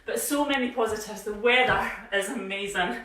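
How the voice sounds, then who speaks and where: A woman's voice: mid-range voice, normal speed, sharp tone. A woman fitness instructor leading a live workout class at home, chatty and encouraging, a little out of breath as she exercises along. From Scotland. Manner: encouraging, chatty, cues movements with frequent "yeah?". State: slightly out of breath while exercising. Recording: very echoey room, voice from a distance.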